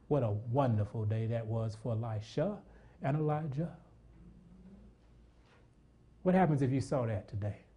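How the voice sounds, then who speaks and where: A man's voice: medium pitch, dark tone. A man preaching a sermon, reading scripture aloud and calling out questions to his congregation.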